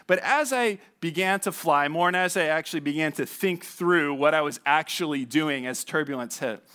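A man preaching a sermon as pastor, conversational and animated, often asking his listeners questions and dropping low and quiet on key points. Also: normal speed, clear, resonant tone.

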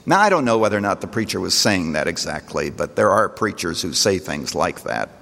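A man preaching a sermon as pastor, speaking earnestly and letting his voice swell on key phrases, then drop low and soft. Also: big pitch swings, a little fast, creaky, in a large hall.

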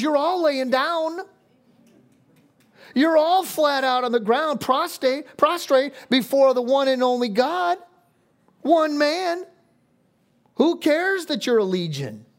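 A woman preaching a sermon, emphatic and fond of repeating phrases for stress. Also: high voice.

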